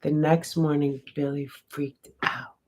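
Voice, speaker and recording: A woman's voice: low-pitched, little pitch movement, takes it slowly, a little mellow, slightly rough. A woman casually telling a personal story, rambling with lots of "like" fillers and swearing freely. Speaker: vlogger.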